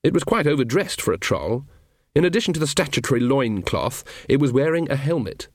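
A man reading a comic fantasy audiobook as narrator, with dry, even delivery. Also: medium pitch, fairly quick, no room sound. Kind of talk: scripted narration.

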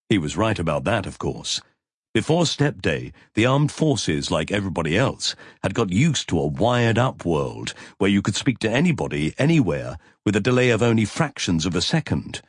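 A man narrating an audiobook in an expressive storytelling manner. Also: deep voice, normal speed, breathy edge, dry recording, studio quality. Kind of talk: scripted narration.

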